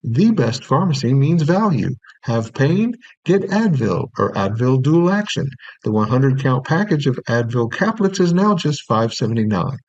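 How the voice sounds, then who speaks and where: A man's voice: mid-range voice, big pitch swings, normal speed, few pauses, a little mellow, dry recording. A man voicing an upbeat male pharmacy commercial announcer, punching key words with emphasis. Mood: upbeat salesy. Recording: dry, dull lo-fi recording.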